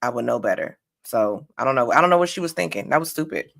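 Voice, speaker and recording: A woman's voice: a bass voice, lively intonation, fast talker, vocal fry, fairly bright tone. Blunt joking woman, DC-area accent. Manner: blunt, joking, laughs often. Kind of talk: casual chat.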